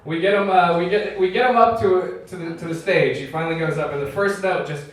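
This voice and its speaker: A man's voice: sits high, steady tone, fairly quick. A young man doing a stand-up set in a comedy club, laughing through his punchlines and swearing a lot. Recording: echoey club mic from far off, loud room noise.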